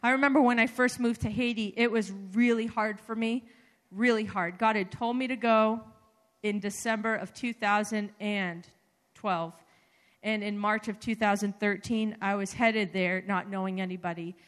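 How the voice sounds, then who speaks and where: A woman giving a sermon, telling personal stories in an animated, conversational way with many fillers. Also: medium pitch, moderate pace. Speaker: preacher. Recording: reverberant hall.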